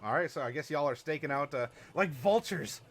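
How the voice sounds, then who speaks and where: A man from Ohio with a slightly high, lively voice talks briskly while hosting a live-stream worldbuilding workshop. He chats casually, reads chat messages aloud, and laughs a lot.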